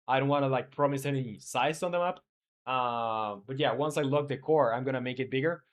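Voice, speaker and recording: A man chatting through a live stream while he builds a game, rambling loosely and stopping often on fillers. He reads viewers' messages out and answers them in the same easy way. His voice sits at a middling pitch. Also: a little fast. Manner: rambling, reads chat aloud, many fillers. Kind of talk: casual live-stream chat.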